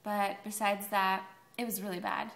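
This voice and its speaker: A woman's voice: mid-range voice, little pitch movement, moderate pace, vocal fry, fairly bright tone, reverberant. A young woman in college, chatting in a rambling video diary with sarcastic asides. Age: young adult. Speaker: college student vlogger.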